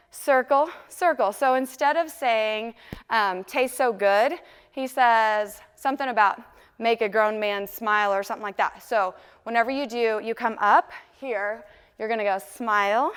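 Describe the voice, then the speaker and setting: Peppy young woman dance teacher counting out moves, smooth clear voice, long echo in the studio. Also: a little high, fairly bright tone. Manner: upbeat, counts moves aloud and sings lyric snippets. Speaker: dance instructor. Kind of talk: dance tutorial with counted steps.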